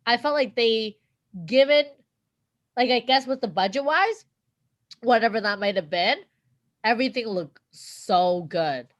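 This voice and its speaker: A woman's voice: a little high, measured pace, pauses often. A woman co-hosting a podcast, chatting in an enthusiastic, talkative way. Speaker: podcast co-host. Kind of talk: casual chat.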